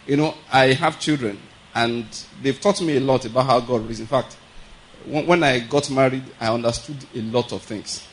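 A man's voice: medium pitch, moderate pace, poor audio. A man giving a conversational sermon, laughing often and asking his listeners whether they follow. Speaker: preacher.

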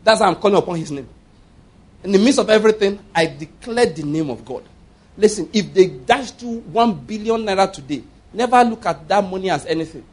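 A Nigerian man preaching a sermon as a pastor, lively, with frequent laughter and mocking asides. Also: high-pitched, brisk, breathy edge.

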